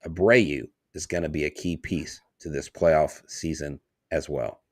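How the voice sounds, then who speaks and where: A man co-hosting a baseball podcast, talking in an emphatic, animated way. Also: a bass voice, a little slow, dry recording, clean studio sound. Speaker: podcast co-host. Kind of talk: casual sports chat.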